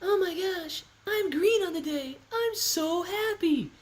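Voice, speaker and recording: A man putting on a falsetto voice as a gushing, lovestruck young woman. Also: expressive, takes it slowly, heavily acted. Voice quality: high falsetto.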